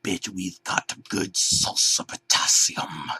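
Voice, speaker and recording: A man voicing sinister male cartoon bananas in pajamas with a squeaky English accent. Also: lively intonation, slow pace, fairly bright tone, no echo, exaggerated voice. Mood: hissing whisper. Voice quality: squeaky, put-on.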